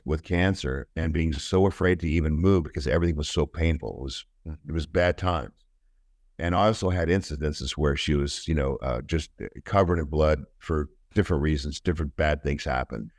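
A middle-aged man telling a personal story as an interview guest, earnest and halting, often restarting his sentences. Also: extremely low pitch, no room sound, studio quality.

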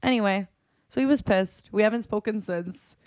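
Young woman telling a story, animated and laughing. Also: mid-range voice, moderate pace. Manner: animated, laughing, acts out quoted voices. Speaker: podcast co-host. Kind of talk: casual chat, storytelling.

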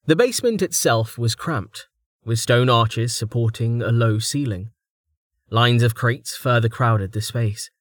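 An audiobook narrator with a mid-range voice reads a fantasy novel in a steady, measured storytelling manner. The scripted narration is recorded dry with clean studio sound.

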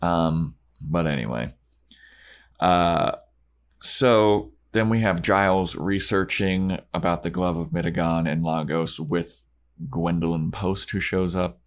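Low-voiced man retelling a story. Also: slow pace. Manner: animated storyteller acting out every scene. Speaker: podcast co-host. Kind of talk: casual recap chat.

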